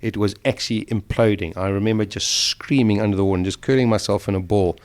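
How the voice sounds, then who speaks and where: A man's voice: lowish voice, fairly even intonation, fast talker. A middle-aged man, a guest in an interview, vividly and emotionally retelling a survival ordeal. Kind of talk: storytelling in an interview.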